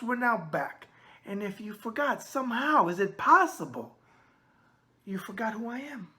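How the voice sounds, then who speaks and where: A man's voice: high-pitched, sing-song, unhurried, pushed and bright. Brash New York man hosting a boxing show. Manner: brash, streetwise catchphrases. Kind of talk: casual chat answering viewer emails.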